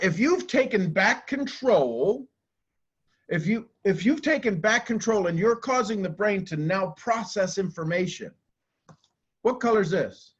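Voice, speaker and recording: A man giving a live talk to a group, animated and casual, acting out quoted voices and swearing now and then. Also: sits high, husky, highs cut off. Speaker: motivational speaker.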